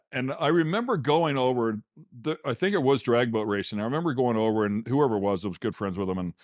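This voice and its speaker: A male co-host with a mid-pitched voice, recorded close and dry in a studio. He tells stories with a joking edge and laughs easily as he chats. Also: no echo. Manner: jokey storyteller, laughs often. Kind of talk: casual talk show chat.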